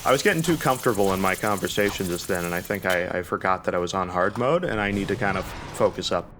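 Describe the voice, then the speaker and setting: A man's voice: deep voice, expressive, fast, a bit bright, a little hiss or hum. Panicky young man narrating his gameplay. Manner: panicky, rambling, self-talking with nervous laughs. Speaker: gaming YouTuber. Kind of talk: live gameplay commentary.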